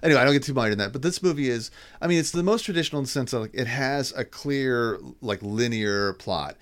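A man co-hosting a podcast, chatting casually about films, animated and prone to swearing and trailing off. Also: mid-range voice, fast talker. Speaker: podcast co-host. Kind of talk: casual film chat.

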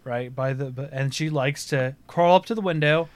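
A man in his thirties, chatting casually and telling a story with animated delivery, often laughing as he talks. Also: medium pitch, normal speed. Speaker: podcast co-host, parent.

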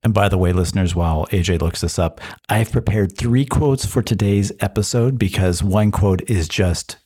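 A man's voice: sits low, normal speed, a little mellow, breathy edge. A man co-hosting a podcast in a casual chat, laid-back and asking follow-up questions. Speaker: podcast co-host.

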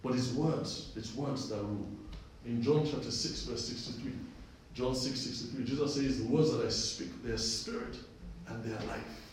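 A man's voice: mid-range voice, moderate pace, few pauses, a little hiss or hum. A man preaching a sermon, telling a personal story and repeating phrases for emphasis. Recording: echoey distant room recording.

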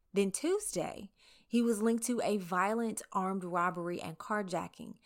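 A woman reporter from the American South narrating her own story in a candid, conversational way with wry asides. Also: lowish voice. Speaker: local TV reporter. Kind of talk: scripted first-person narration.

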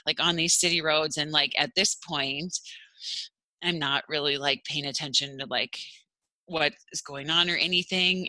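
A woman's voice: sits low, pushed and bright, no echo, poor audio. A woman, telling a personal story in a rambling casual way, full of "like" and acted-out quotes. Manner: rambling, many fillers and "like"s, acts out quoted voices.

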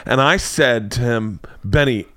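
A man's voice: mid-range voice, unhurried, dry recording, studio quality. A man podcast host telling a story with big energy, acting out quotes and swearing freely. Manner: loud, excitable, acts out quotes, swears a lot. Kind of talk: animated storytelling. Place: home studio, man cave.

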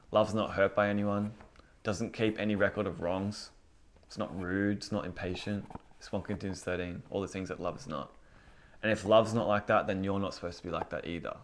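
A man's voice: on the low side, slight background noise. A man teaching a Bible lesson in a casual, conversational way, asking the room rhetorical questions. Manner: informal, rhetorical questions, acts out inner voices. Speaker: preacher.

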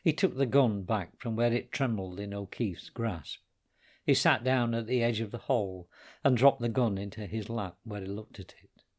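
A man reading a story aloud in a quiet, measured way. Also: on the low side. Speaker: reader. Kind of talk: storytelling narration.

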